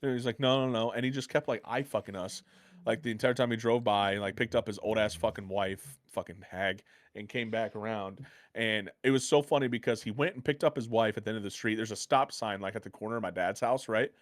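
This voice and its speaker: Fast-talking, profane American man. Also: on the low side, no room sound, clean studio sound. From United States. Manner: rambling, profane, excitable storyteller. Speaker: podcast co-host. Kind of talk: casual storytelling chat.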